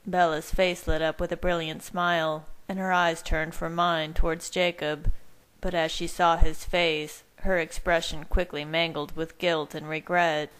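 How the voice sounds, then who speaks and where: Low-voiced woman reading fan fiction. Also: level tone, a little slow, a bit bright, clear, resonant tone, rough recording. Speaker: reader. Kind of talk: fan fiction narration in first person.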